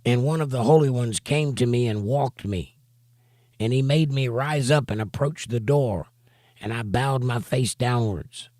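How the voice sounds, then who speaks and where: A man's voice: medium pitch, a little slow, darkish tone, dry recording, clean studio sound. A man teaching a Bible study, reading scripture aloud and breaking off for emphatic, rhetorical commentary. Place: home studio for a livestream.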